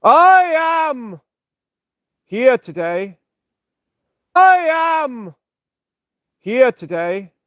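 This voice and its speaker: A man putting on a slow, grand, shouted voice as Jesus preaching. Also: very high-pitched, dry recording, voice pushed up, heavily acted. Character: solemn booming Jesus preaching from on high.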